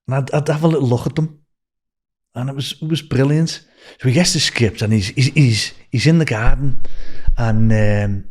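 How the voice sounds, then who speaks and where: An older man with a Liverpool accent, a podcast guest telling long anecdotes with restarts and swearing. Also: mid-range voice. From England. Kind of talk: storytelling in a podcast interview.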